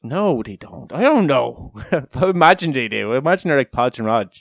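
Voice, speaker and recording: A man's voice: medium pitch, big pitch swings, moderate pace, creaky, no room sound, clean studio sound. A man co-hosting a casual podcast chat, joking, rambling and swearing freely. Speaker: podcast co-host.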